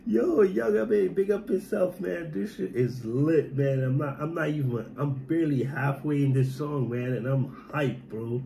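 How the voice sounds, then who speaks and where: A man's voice: a little high, steady tone, normal speed, vocal fry, few pauses, a little hiss or hum. A man, hosting a reaction video with hyped, exclaiming casual commentary. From Guyana. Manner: hyped, exclaiming, shouts of surprise.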